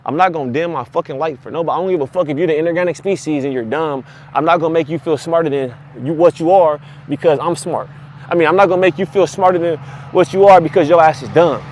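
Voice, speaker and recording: A man vlogging, telling a long story in a casual, profane and animated rant with lots of repetition. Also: a little high, fast, slight background noise. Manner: profane, animated, repeats himself.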